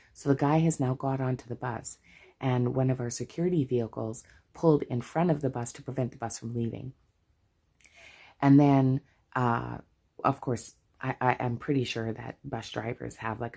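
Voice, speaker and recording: A woman's voice: rumbling low, gravelly, dark tone, slightly rough. A middle-aged Canadian woman telling a story in a casual chat, chatty and full of asides. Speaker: budgeting vlogger.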